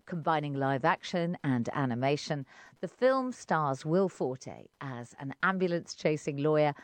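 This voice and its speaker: An English woman presents an arts programme on the radio. Her delivery is lively, with pitch that rises and falls freely. The studio sound is dry, with little room around her voice. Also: measured pace, dry recording. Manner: lively, expressive intonation.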